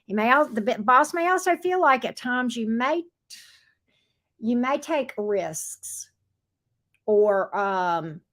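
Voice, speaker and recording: Woman, tarot reader on a live stream, bright higher pitch, casual and chatty with lots of fillers and restarts. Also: animated, normal speed, few pauses. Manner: chatty, greets viewers by pet names, many fillers and restarts.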